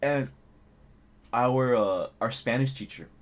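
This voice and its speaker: A man's voice: mid-range voice, takes it slowly. A young man casually telling a school anecdote, laughing often and packing in fillers. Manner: loose, laughing, filler-heavy storytelling. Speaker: channel host.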